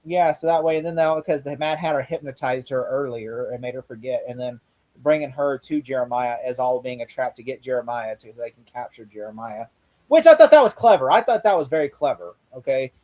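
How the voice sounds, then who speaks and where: A man co-hosting a podcast in casual chat, animated, laughing often and acting out bits of dialogue as he retells scenes. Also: mid-range voice, a little fast. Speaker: podcast co-host.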